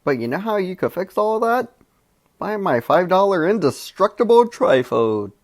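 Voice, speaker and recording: A man voicing a pushy salesman who hawks cheap goods in a mocking, overblown pitch. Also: big pitch swings, normal speed. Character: pushy male huckster hawking cheap goods.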